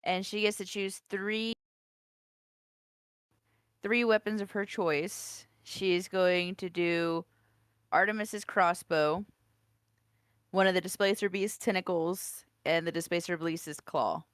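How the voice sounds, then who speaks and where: A woman playing a tabletop game, calmly declaring her moves. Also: on the low side, slow pace, long pauses, clear, resonant tone, dry recording, studio quality. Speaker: player. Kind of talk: casual game chat.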